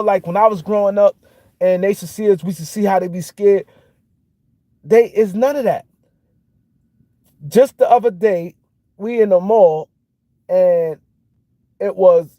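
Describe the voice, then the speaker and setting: With no room sound in the recording, a high-pitched middle-aged man tells stories on his casual livestream, animatedly repeating himself and restarting often.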